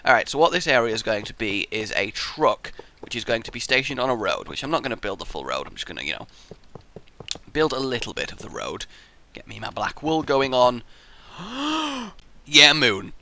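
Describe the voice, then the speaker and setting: Young male let's play host, bright and animated, chatty with muttered asides. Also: mid-range voice, brisk, creaky. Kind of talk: gameplay commentary.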